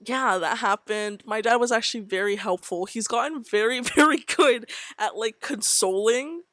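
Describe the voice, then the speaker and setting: A woman's voice: fairly high pitch, normal speed, fairly bright tone, no room sound. Young woman, casual storytelling vlog, rambling with many fillers, laughs a lot, dry close-miked sound. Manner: rambling, heavy use of filler "like", frequent laughs. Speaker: vlogger. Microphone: decent USB mic on tripod setup.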